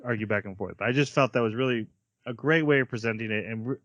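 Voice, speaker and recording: A man's voice: medium pitch, fast, a bit bright, no echo, dull audio. A man hosting a casual podcast, rambling and restarting his sentences, laughing often. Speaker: podcast host. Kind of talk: casual chat.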